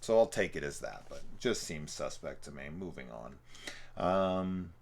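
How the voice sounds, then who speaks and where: Deep voiced young dude rambling thru a movie review, swears a lot, says like constantly. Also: male voice, expressive, unhurried, gravelly, slight background noise. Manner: rambling, profane, full of "like". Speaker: film reviewer. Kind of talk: casual movie review commentary.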